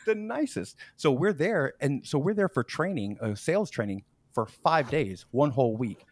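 A podcast host relaxes into a rambling workplace story. He jumps between low mutters and high bursts of laughter, acting out the people he quotes. The mic is close and the room is dry. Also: moderate pace, no echo. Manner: animated, laughs often, acts out quoted people. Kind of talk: casual storytelling chat.

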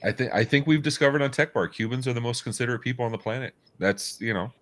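A man hosting a casual talk show, with a deep voice and a loose, storytelling way of talking that mixes in swearing. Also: fast talker, a bit bright. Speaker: host. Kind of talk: casual chat.

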